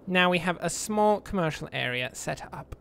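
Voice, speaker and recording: A man's voice: sits high, lively intonation, moderate pace, creaky, a bit bright, clear, resonant tone. A man giving casual, rambling commentary over a city-building game, with self-mocking asides. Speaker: let's play gamer.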